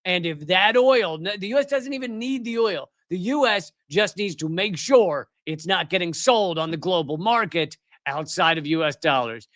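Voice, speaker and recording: A man's voice: sits high, lively intonation, normal speed, hardly any pauses, a bit bright, dry recording, studio quality. A middle-aged man hosting a live political commentary show, ranting in a heated, sarcastic and mocking way. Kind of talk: live commentary rant on news clips.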